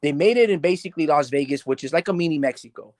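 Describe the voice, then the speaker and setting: A man with a somewhat high voice talks boxing in a loose, animated podcast chat. He keeps dropping "like" and "bro" and slips into acting out what the fighters were thinking. The sound is dry and close to the mic. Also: fast talker, no room sound. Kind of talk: casual boxing analysis chat.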